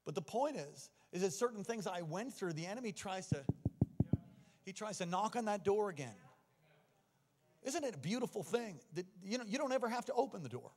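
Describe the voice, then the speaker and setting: Middle-aged preacher guy, fairly high voice, telling his stories then firing up the room, church hall echo. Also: big pitch swings, a little fast. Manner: personal storytelling that swings from quiet to exhorting. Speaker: pastor. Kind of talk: sermon. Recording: long reverb of a large hall.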